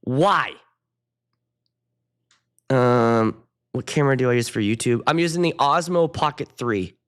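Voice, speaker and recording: A man's voice: medium pitch, unhurried, a bit bright, smooth. A middle-aged man, a wedding DJ hosting his own show, ranting casually and profanely while chatting with viewers. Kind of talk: casual ranting livestream chat.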